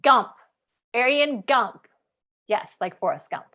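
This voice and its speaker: A woman in her thirties with a higher voice, from Kansas, talking casually to her livestream viewers. She is chatty and animated, and she scatters "like" through her sentences as she tells a personal story. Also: slow, muffled recording. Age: 30s. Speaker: business coach.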